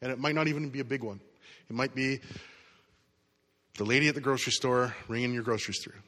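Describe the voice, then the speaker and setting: A man's voice: medium pitch, fairly even intonation, quick pace, fairly bright tone. A middle-aged man preaching a sermon, telling a personal story in a casual, conversational way. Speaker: pastor. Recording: long hall reverb.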